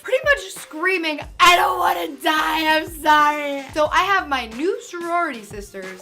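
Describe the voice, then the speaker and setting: A woman in her twenties telling a personal story in a chatty, animated way. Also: sits high. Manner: animated, acting out quotes, chatty. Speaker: vlogger. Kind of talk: storytelling vlog.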